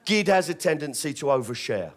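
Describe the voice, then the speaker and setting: A British man performs a comic true story on stage. His voice sits a little high, and he tells it with wry timing and theatrical flair, acting out the other people's lines himself. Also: very animated, a little fast, background noise. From Britain. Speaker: stand-up comedian. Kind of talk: live storytelling comedy show.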